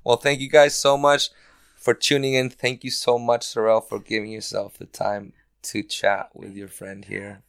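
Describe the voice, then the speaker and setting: A man's voice: on the low side, normal speed, vocal fry, clean tone, no echo, studio quality. A man with an Icelandic accent hosting a podcast, talking casually with lots of fillers. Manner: relaxed, rambling, many fillers. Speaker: podcast host. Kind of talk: casual chat.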